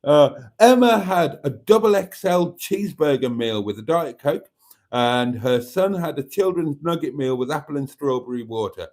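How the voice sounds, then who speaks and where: A man's voice: a little high, lively intonation, normal speed, a little mellow. Male live-stream host, casual and chatty, reads comments aloud.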